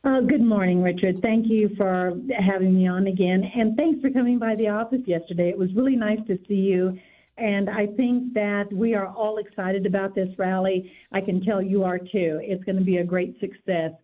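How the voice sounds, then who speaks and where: A woman of middle pitch calls into a radio show and lists details in a steady, informative way. Her voice comes through a narrow, tinny phone line. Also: normal speed. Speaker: guest, local party volunteer organizer. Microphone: telephone.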